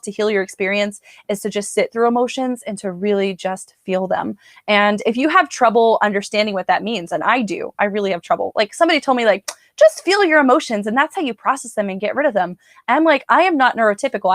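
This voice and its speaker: Woman, live card reader at home, chatty and rambling, dry close sound, mid pitch. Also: no echo. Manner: chatty, rambling, talks straight to viewers. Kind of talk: casual live-stream card reading.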